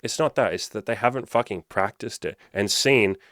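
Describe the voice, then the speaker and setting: A man's voice: fairly low pitch, normal speed, fairly bright tone, dry recording, clean studio sound. A man talking as a dating coach in a casual monologue, blunt and swearing constantly, driving points home with rhetorical questions.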